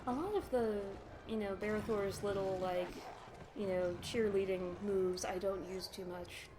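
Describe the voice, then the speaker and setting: A woman's voice: medium pitch, unhurried, background noise. A woman giving casual, rambling, sarcastic commentary over a video game playthrough, laughing often. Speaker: let's play commentator.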